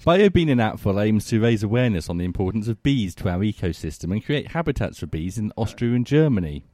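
A man hosts a casual motorsport chat, dryly moving from one news item to the next. His voice sits low and mellow. The sound is dry and close. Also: big pitch swings, fast, no room sound. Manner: dry, steers the conversation through news items. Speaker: host.

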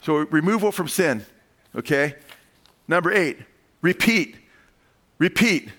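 A pastor preaches an animated sermon at a slow pace in a fairly high voice, calling out "amen?" to the congregation. As he tells stories, he acts out the voices of the people he quotes.

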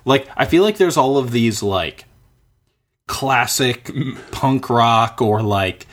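A man's voice: medium pitch, lively intonation, takes it slowly. A man in his thirties chatting casually, rambling and searching for words with lots of filler. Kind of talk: casual chat.

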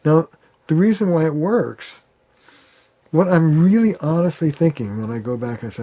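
Mellow-voiced male therapist, animated. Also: fairly high pitch, normal speed. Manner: animated, acts out quoted arguments. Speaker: family therapist guest. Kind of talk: conversational interview.

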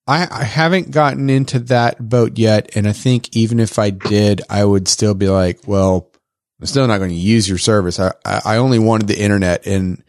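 Low-voiced joking podcast host man. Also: normal speed, no room sound, studio quality. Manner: relaxed, joking, rambling. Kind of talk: casual chat.

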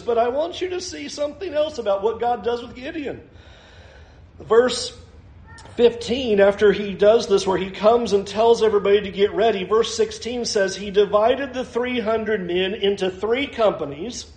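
A man preaching in a roomy church with a strong echo. His voice sits high for a man, and he stays animated throughout, laughing as he plays out each figure in the story. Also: normal speed. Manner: animated, laughs often, acts out voices in the Bible text. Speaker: pastor. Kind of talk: sermon.

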